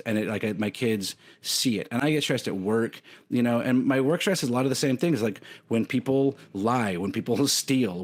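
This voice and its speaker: A man in his thirties co-hosting a podcast, talking candidly in a rambling way, full of fillers and restarts. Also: mid-range voice. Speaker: podcast co-host. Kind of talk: casual chat.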